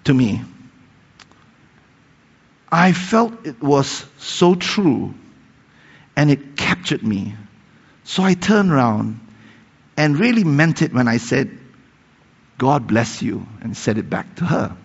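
A man preaching a sermon, retelling a story with emphatic rises and soft, hushed passages. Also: on the high side, very animated, slow pace, vocal fry, long pauses, husky. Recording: long reverb, dull lo-fi sound.

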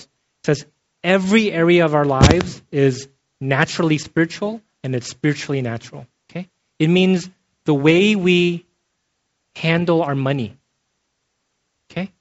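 A man preaching a sermon in a conversational way, often checking in with his listeners by asking "okay?". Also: fairly high pitch. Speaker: pastor. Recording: dull lo-fi sound.

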